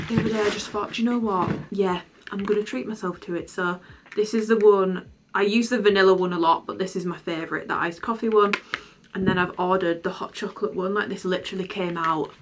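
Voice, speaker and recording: A woman's voice: lowish voice, a little hiss or hum. A young woman talking frankly and in a rambling, sweary way in a vlog. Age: young adult. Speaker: vlogger. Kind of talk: candid vlog chat.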